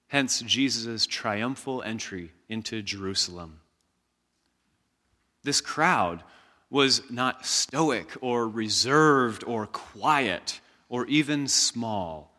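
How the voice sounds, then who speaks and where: A man preaching a sermon as pastor, slow and emphatic, leading the congregation in call-and-response shouts. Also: mid-range voice, long reverb tail.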